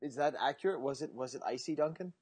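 A man's voice: medium pitch, fast, darkish tone, breathy edge. A man co-hosting a casual podcast roundtable, joking and stumbling over his words. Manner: joking, hesitant, repeats words.

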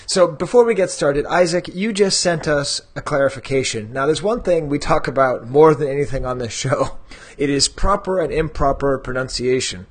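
A man's voice: a little high, normal speed, few pauses, slightly rough. A man hosting a collectors' podcast, chatting in a rambling, self-deprecating way. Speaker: podcast host. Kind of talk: casual podcast chat.

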